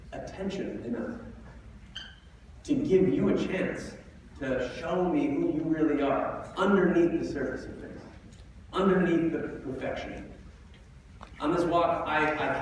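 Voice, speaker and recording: A man's voice: medium pitch, slight background noise. A young man giving an earnest, reflective talk as a guest speaker at a school assembly. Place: school auditorium. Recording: echoey hall from far off.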